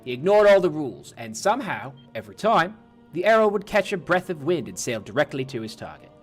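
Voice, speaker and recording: A man's voice: a little high, big pitch swings, brisk, slightly rough, faint music behind. A man reading a game book aloud on a stream, casually, swearing and stumbling over words now and then. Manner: irreverent, swears, stumbles and restarts while reading.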